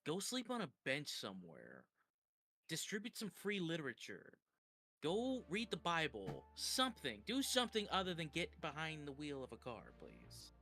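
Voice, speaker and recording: Bright-voiced man chatting on a reaction stream. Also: fairly high pitch, wildly swooping pitch, normal speed, faint music behind. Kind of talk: casual reaction chat.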